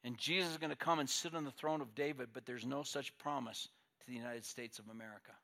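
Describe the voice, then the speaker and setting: Emphatic pastor with a bright voice. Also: male voice, medium pitch, fairly even intonation, quick pace. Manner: emphatic, swings between loud declarations and quiet asides. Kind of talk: sermon.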